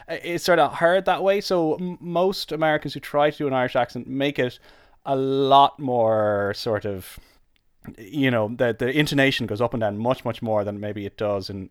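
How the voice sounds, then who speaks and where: A man's voice: medium pitch, clear, resonant tone, dry recording, studio quality. Chatty man rambling with restarts. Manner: chatty, rambling, self-interrupting. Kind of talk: casual interview answers.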